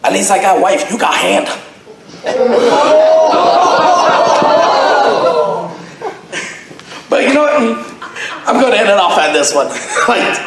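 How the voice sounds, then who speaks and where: A young man doing raunchy stand-up, rambling and cracking himself up. His voice is very high and bounces all over the place. He is recorded on a handheld mic in a very echoey room, with noise underneath. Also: big pitch swings, takes it slowly, long pauses. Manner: crude, rambling, laughing at his own jokes. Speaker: stand-up comedian at open mic. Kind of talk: stand-up comedy set. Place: convention panel room with live audience.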